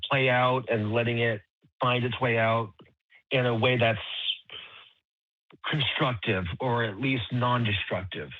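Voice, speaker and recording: Man co-host with a calm, supportive delivery; lo-fi, dry mic. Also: medium pitch, measured pace, no room sound. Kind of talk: casual discussion.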